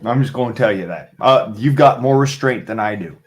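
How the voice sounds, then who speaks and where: A man's voice: medium pitch, fairly quick. A man hosting a livestream, chatting casually to viewers in a rambling, profane way and laughing often. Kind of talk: casual rant to a live chat.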